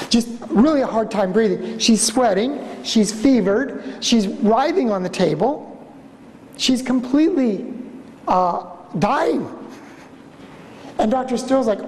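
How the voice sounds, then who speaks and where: A man giving a storytelling conference lecture as a museum director, an animated speaker who acts out the voices in his stories. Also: extremely high pitch, normal speed, a little hiss or hum. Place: conference hall. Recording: reverberant lecture hall.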